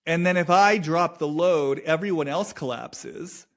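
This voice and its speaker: Man doing a halting, searching intuitive reading. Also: on the high side. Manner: halting, searching, with repeated phrases and frequent "like". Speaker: intuitive reader. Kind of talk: reflective solo monologue, channeling a subject's feelings.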